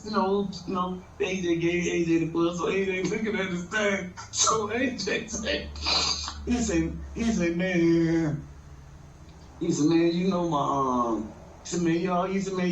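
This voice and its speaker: Man, high voice, rambling storyteller who laughs a lot; roomy, dull lo-fi recording. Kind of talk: casual storytelling. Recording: roomy, dull lo-fi sound with faint noise.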